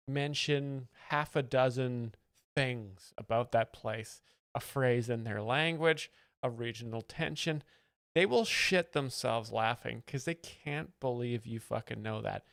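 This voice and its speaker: A man's voice: medium pitch, vocal fry, dry recording. A male host giving dry, mock-analytical commentary on a comedy clip. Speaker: host explaining jokes.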